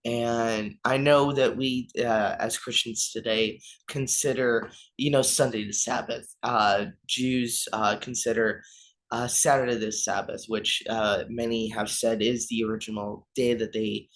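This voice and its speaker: A man's voice: mid-range voice, steady tone, unhurried, fairly bright tone. A young man, a youth minister, gives an informal devotional reflection, stumbling over names and apologizing as he goes.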